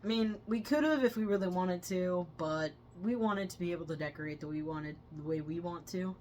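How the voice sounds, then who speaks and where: A woman's voice: on the low side, moderate pace. Chatty woman with faint background noise. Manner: animated retelling, loud excited quotes. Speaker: co-host of a movie review channel. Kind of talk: casual movie review chat.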